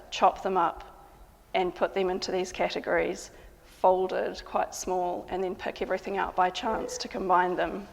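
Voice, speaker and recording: A woman composer and sound artist narrating in a calm, measured, matter-of-fact way. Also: medium pitch, creaky, long reverb tail. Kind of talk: reflective spoken narration.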